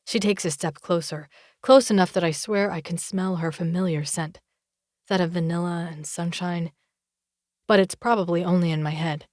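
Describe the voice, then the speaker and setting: A woman's voice: lowish voice, normal speed, dry recording. Woman narrating an audiobook, dry and close. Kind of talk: first-person audiobook narration.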